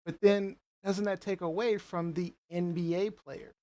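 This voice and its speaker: A woman's voice: fairly low pitch, steady tone, unhurried, mellow. A woman hosting a live panel show, thinking aloud with questions and reading out viewer comments. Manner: questioning, hesitant, many fillers and restarts.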